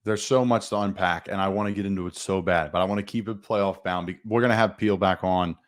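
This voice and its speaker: A man's voice: sits low, steady tone, fairly quick. A man hosting a sports podcast, a former football player, asking eager, rambling questions in casual sports talk.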